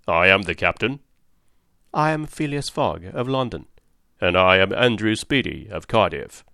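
A man reading an audiobook voices a gruff, stubborn middle-aged sea captain who answers in short blunt refusals with a growling voice. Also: lowish voice, lively intonation, unhurried, sharp tone, no room sound, clean studio sound, heavily acted. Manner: clipped, blunt one-word refusals. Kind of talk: audiobook character voice.

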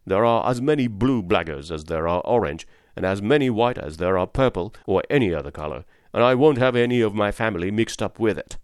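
Low firm cabman dad lecturing his kid, man reading it, dry close sound. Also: expressive, fairly quick, few pauses, clear, resonant tone, no room sound, natural voice. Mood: grave. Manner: firm, moralizing. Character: principled cab driver father, grave and firm.

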